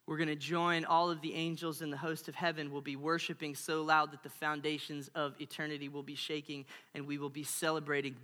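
A male pastor preaching a sermon with animated storytelling and playful asides. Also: a little high. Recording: long reverb of a large hall.

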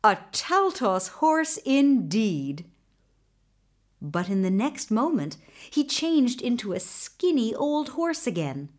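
A woman narrating a fairy tale in an expressive storybook reading style. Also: on the high side. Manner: expressive, unhurried.

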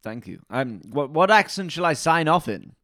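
A man, playing a dialect coach as a comedy guest, who rambles deadpan and bursts into loud silly voices. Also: on the high side, normal speed, no room sound, clean studio sound. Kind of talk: deadpan comic interview.

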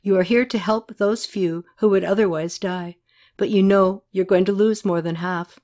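A woman reading a novel aloud, voicing a seasoned male field doctor who gives calm, blunt advice. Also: mid-range voice, moderate pace, close to an everyday voice. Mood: steady.

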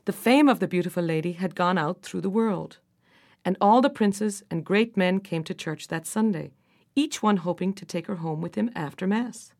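A woman narrating a folk fairy tale in an unhurried storytelling manner. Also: mid-range voice.

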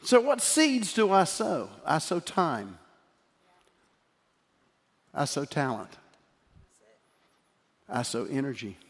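A man's voice: a little high, huge pitch swings, slow pace, long pauses. Emphatic middle-aged man preaching in hall. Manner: emphatic preaching, swinging from loud to quiet. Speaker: pastor. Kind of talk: sermon. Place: church sanctuary. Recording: long hall reverb with faint music.

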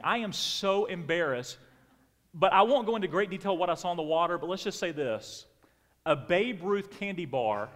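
A middle-aged pastor preaches from the pulpit, telling a personal story with animated energy. His voice sits a little high for a man. The sound carries a long reverb from the church hall. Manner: animated storytelling, acts out family members in raised voice. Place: church sanctuary.

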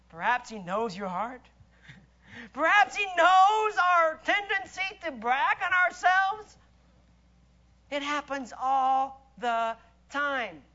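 A man preaching a sermon emphatically, swinging between loud exclamations and quiet asides. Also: extremely high pitch, lively intonation, takes it slowly, lo-fi sound.

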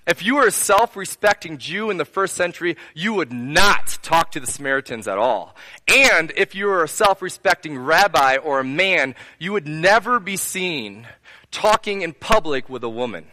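A man's voice: fairly high pitch, very animated, moderate pace, pushed and bright. A man preaching a sermon to his congregation, earnest, building repeated phrases into lists and asking them direct questions. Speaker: pastor.

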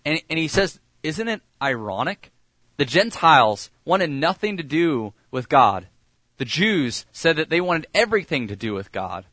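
A man preaching a sermon in a conversational way, often dropping soft and low on key lines. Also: big pitch swings, unhurried, dry recording. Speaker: pastor.

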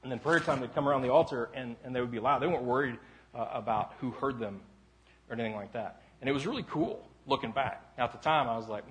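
A man pastor preaching a casual sermon in a church sanctuary, telling rambling self-deprecating stories that break into loud shouts. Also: mid-range voice, fast talker, slight background noise. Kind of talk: conversational sermon.

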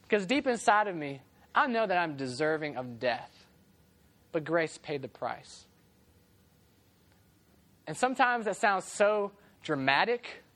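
A young man with a fairly high voice preaches to a youth group as though telling a casual story. He speaks unhurriedly with long pauses, laughs often, and animatedly acts out the voices of the people in his story.

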